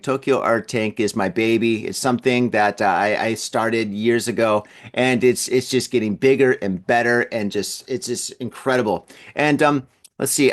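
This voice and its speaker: A man hosting a casual solo podcast, rambling along, repeating his words and chuckling often. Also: medium pitch. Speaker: podcast host. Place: at home in an apartment building.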